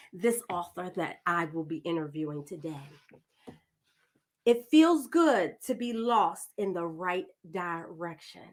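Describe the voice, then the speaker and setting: A woman's voice: medium pitch, pushed and bright. A woman hosting a podcast, introducing her guest in a chatty, digressive way, often calling listeners "y'all.". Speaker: podcast host.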